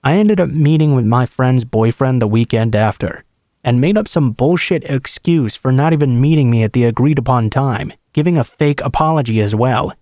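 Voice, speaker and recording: A man narrating a true horror story in the first person, in a measured, earnest read. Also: medium pitch, warm tone, dry recording.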